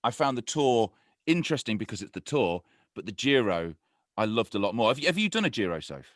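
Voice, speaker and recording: A British man with a lively, swinging delivery hosts a podcast chat in a chatty, self-deprecating way. His voice sits close and dry on the mic, with no room sound. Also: on the low side, brisk, no echo. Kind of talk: podcast discussion.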